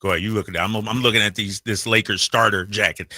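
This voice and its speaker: A man hosting a sports radio show, chatting casually and telling stories with animated quoted voices in a studio. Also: on the low side, fast talker, dry recording. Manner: animated storyteller, acts out quotes. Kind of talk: casual sports talk and storytelling.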